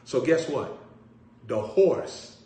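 Slow, animated male preacher. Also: mid-range voice. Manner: storytelling, joking, drawling, slow. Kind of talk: sermon. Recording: echoey room, distant mic, faint background hum.

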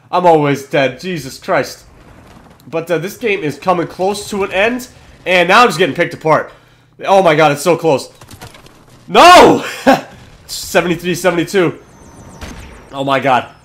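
A young man hosting a gaming channel, giving excitable commentary over his match, swearing and yelling at kills. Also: on the high side. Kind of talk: gameplay commentary.

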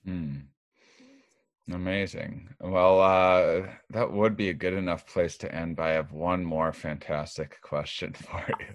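A man's voice: deep voice, fairly even intonation, dry recording. A man hosting a podcast, stumbling and restarting as he asks a question. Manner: halting, stumbling over his question. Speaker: podcast host. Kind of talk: conversational podcast interview.

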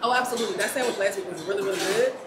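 A woman's voice: mid-range voice, crowd noise. A woman from Washington, D.C., telling eagerly about sandwiches she has eaten, answering questions in a sandwich shop. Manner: enthusiastic, rapid storytelling. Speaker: customer. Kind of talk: casual interview answers. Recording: echoey shop, loud noise.

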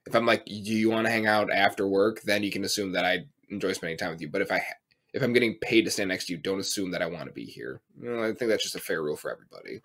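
A man's voice: deep voice, rapid-fire, fairly bright tone. An American man in his twenties with a rambling, profane way of telling stories, full of fillers, co-hosting a casual podcast chat. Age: 20s. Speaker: podcast co-host.

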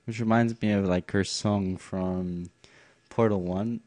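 A man's voice: low-pitched, steady tone, takes it slowly, darkish tone, a little hiss or hum. A man commentating on a game he is playing, muttering to himself with sudden bursts of outrage. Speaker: gameplay commentator. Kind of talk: let's play commentary.

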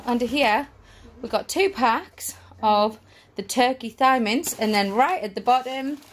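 A woman's voice: a little high, measured pace. A young woman, pregnant and out of breath, chatting through a family grocery haul and correcting herself as she goes. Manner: chatty, self-correcting, laughs easily. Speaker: family vlogger. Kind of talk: casual grocery haul chat.

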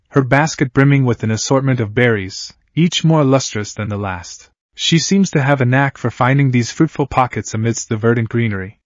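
A man reading a first-person story as an audiobook narrator, in a calm, steady storytelling manner. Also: mid-range voice, dry recording. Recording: dull lo-fi dry recording.

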